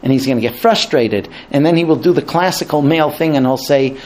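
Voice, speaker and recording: A man's voice: on the high side, a little fast, hardly any pauses. A man teaching a class about marriage and conversation, acting out both sides of husband-and-wife exchanges. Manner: animated, acts out both sides of dialogues. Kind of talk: lecture to a class.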